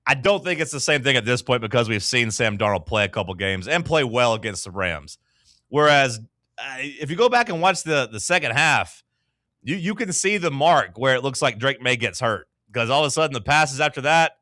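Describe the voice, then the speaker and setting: A man's voice: medium pitch, sing-song, moderate pace, pushed and bright, no echo, studio quality. A man hosting a casual sports talk show, loose and chatty with lots of filler words.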